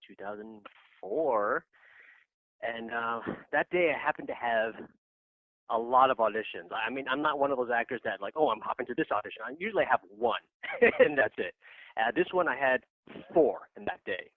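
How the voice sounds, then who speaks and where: A man tells a story as a podcast guest, loose and chatty, with many fillers and laughter breaking in. His voice sits at an ordinary pitch. The sound is narrow and dry, as if heard over a phone line. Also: animated, moderate pace, dry recording. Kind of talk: casual anecdote.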